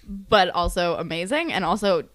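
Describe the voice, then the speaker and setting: Animated woman in casual podcast chat. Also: moderate pace. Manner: animated, emphatic opinions, jumps to high squeaky tones. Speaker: podcast co-host.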